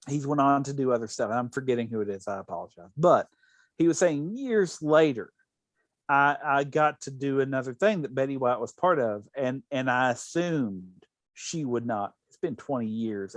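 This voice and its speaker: A man's voice: mid-range voice, lively intonation, brisk, dry recording. A man hosting a podcast, telling stories in casual chat with many restarts. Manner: rambling storyteller with many restarts. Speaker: podcast host.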